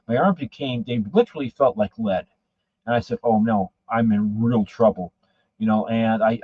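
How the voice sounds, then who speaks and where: A man's voice: mid-range voice, slightly rough, dry recording. Guy on a call rambling through a story, dull lo-fi sound, dry. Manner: rambling, repeats words. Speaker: podcast guest. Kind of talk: casual storytelling.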